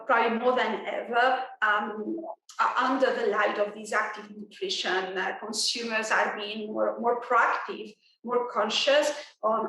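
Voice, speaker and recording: A woman speaking as an industry guest in a business interview, measured, with frequent fillers and restarts. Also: fairly high pitch, fairly bright tone, very echoey, recorded from a distance, poor audio.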